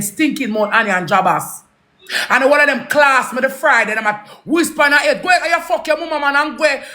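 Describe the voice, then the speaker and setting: Jamaican woman, heated rant, cusses and repeats, bright forceful tone. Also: high-pitched. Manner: angry, swearing, repeats herself. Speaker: social media personality.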